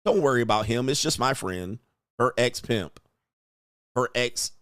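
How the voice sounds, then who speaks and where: A man in crude reaction-commentary mode, sneering and snorting at each clip. His voice sits at an ordinary pitch, recorded dry and close. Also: lively intonation, a little slow, fairly bright tone, no echo. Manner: coarse, sneering, laughs at what he reads. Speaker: host reacting to online clips.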